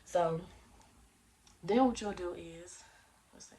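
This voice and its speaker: A woman's voice: fairly low pitch, takes it slowly, mellow, far from the mic, slight background noise. A young woman giving casual, slangy job-search advice in a chatty way, acting out phone calls as she goes.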